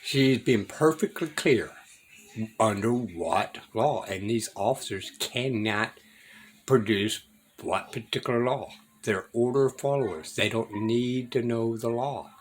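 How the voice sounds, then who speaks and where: A man's voice: mid-range voice, slow. A male commentator with a mid-range voice lectures his viewers as he reacts to a video. A faint hum of noise sits behind him. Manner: preachy, addresses viewers directly.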